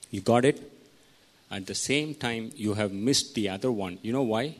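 A medium-pitched male voice at a moderate pace leads a sermon that teaches verse by verse. He keeps putting questions to the congregation.

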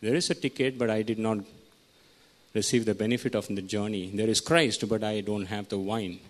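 A man's voice: lowish voice, fairly even intonation, moderate pace. A man preaching a sermon, teaching verse by verse and putting questions to his listeners. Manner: teaching, asks the congregation questions.

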